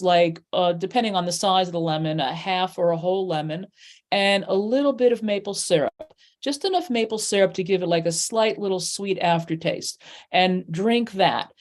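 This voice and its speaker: Chatty woman teaching numerology. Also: fairly low pitch. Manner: chatty, with many fillers and acted-out asides. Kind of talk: workshop lesson.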